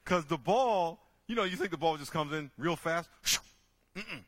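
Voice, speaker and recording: Male speaker, lively and dramatic, slightly high voice, dry close mic. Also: normal speed, dry recording. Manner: lively, acts out characters with loud shouting bursts. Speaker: speaker teaching a group. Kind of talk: animated storytelling talk.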